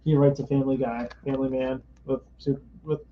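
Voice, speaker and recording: A man's voice: mid-range voice, little pitch movement, a little fast, a little hiss or hum. A man hosting a casual comic book reading show, chatting and narrating the story in a store. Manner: chatty, reads every part aloud. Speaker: host. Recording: dull lo-fi stream audio.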